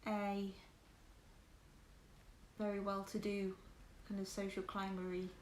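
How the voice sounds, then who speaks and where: A woman's voice: mid-range voice, completely flat delivery, takes it slowly, a little mellow. A woman from West Yorkshire with a Southern English accent, casually chatting with viewers on her livestream, candid and full of fillers. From West Yorkshire, England. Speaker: livestream host. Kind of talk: casual chat with stream viewers. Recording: echoey room with background noise.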